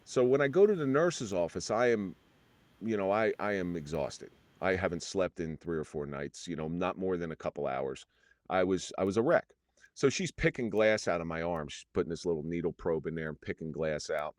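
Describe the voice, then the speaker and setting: Deep-voiced former police officer, dry sound. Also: male voice, lively intonation, no room sound. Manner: earnest, halting with frequent restarts. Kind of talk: candid interview storytelling.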